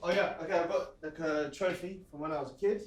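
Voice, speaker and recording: A man's voice: a little high, fast talker, a little hiss or hum, lightly acted. An actor with a London accent playing a nervous young man stammering through a video date in a game. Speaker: game protagonist. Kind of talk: game voice acting.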